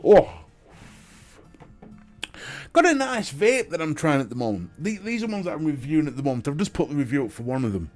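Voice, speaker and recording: A man's voice: on the high side, very animated, fairly quick, long pauses, darkish tone, faint music behind. A man with a Northern English accent hosting a casual live stream, chatting and greeting viewers and laughing often. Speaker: live-stream host and vape reviewer.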